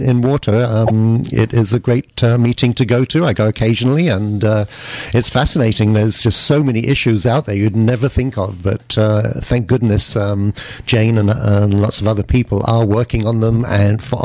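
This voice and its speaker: A man's voice: mid-range voice, fairly even intonation, darkish tone, no echo. Guy hosting local radio, stops and starts a lot, um uh, gushes about his guest, dry sound. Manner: halting, with many fillers and restarts; effusive praise. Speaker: radio host. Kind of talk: community radio interview.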